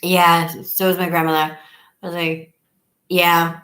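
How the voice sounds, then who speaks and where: Chatty lady on a home livestream, lowish voice, rambles and trails off, camera sitting on the table. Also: level tone, unhurried, fairly bright tone. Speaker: live stream host. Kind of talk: casual live stream chat. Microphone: device camera on a table.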